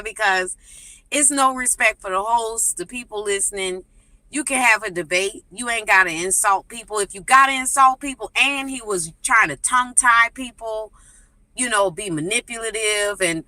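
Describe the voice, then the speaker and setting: A woman's voice: fairly high pitch, moderate pace, sharp tone, dry recording, low-quality recording. A woman calling in to a live stream, speaking indignantly with scolding rhetorical questions. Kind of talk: impassioned call-in commentary.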